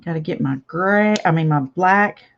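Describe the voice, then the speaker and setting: A woman's voice: fairly low pitch, moderate pace, gravelly, lo-fi sound, a little hiss or hum. An older woman hosting a casual live craft chat, chatty and reading viewer comments aloud with frequent laughs. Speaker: craft channel host.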